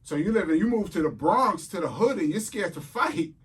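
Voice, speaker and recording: Animated New man telling stories. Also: sits high, a little fast, slightly rough. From New York City. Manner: animated, acts out quotes and voices in his stories. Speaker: guest. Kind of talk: casual interview storytelling.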